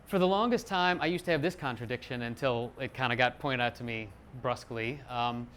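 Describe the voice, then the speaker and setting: A middle-aged man giving a live talk as a psychologist, lively and self-deprecating, acting out little quotes. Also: mid-range voice, brisk, a little hiss or hum.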